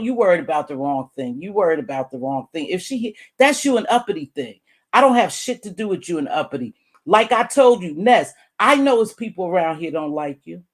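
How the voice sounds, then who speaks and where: A middle-aged woman doing commentary straight to camera, blunt and animated, calling her listener "baby" and cursing freely. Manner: blunt and animated, swings high and loud when making a point. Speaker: YouTube commentator. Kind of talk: direct-address commentary vlog.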